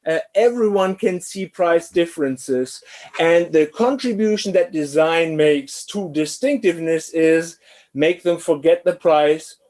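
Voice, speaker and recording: Male business lecturer, higher-pitched, halting delivery full of fillers, online class. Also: a little mellow. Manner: hesitant, many uh fillers.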